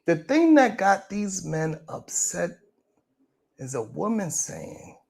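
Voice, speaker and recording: A man's voice: high voice, sing-song, slow pace, creaky, darkish tone. A man hosting a morning show livestream, chatting casually and joking as he talks straight to his viewers.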